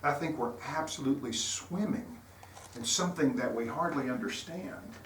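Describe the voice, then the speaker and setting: A man's voice: medium pitch, normal speed, a bit bright. Man preaching in a roomy church. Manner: conversational, earnest storytelling. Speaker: guest speaker. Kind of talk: informal sermon. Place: church sanctuary. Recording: roomy hall, distant mic, faint noise.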